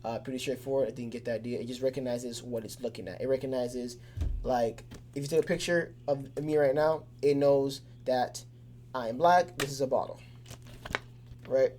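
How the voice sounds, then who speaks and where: Faint music plays behind a male teacher whose mid-range, darkish voice stays fairly even at a moderate pace. His lesson is conversational and loose, with many fillers and restarts, and he explains things through everyday examples.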